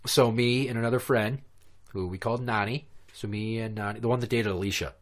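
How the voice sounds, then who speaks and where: A man's voice: lowish voice, steady tone, brisk. A man from Minnesota hosting a podcast, telling stories in a crude, profane, casual way and laughing at his own jokes. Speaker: podcast host. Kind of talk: casual storytelling chat.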